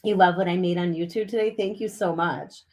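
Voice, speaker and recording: A woman's voice: lowish voice, steady tone, brisk, darkish tone. A woman giving a casual, upbeat art journaling demonstration, chatting as she works in a cold room above a garage. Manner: chatty, upbeat, talks while working. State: chewing a cough drop. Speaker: art instructor.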